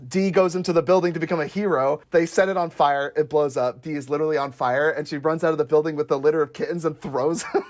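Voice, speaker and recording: A man's voice: fairly even intonation, fast talker. A man chatting casually about favorite episodes of a comedy series, enthusiastic, laughing often and acting out scenes. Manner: enthusiastic, laughing, acts out scenes in high voices. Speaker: show reviewer. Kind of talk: casual chat.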